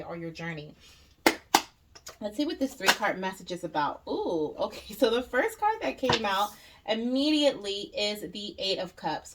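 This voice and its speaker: A woman giving a casual tarot reading to camera, chatty and reassuring, filling pauses with um and okay. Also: medium pitch. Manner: chatty, reassuring, many ums and okays. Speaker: tarot reader. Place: indoors by a window in natural light.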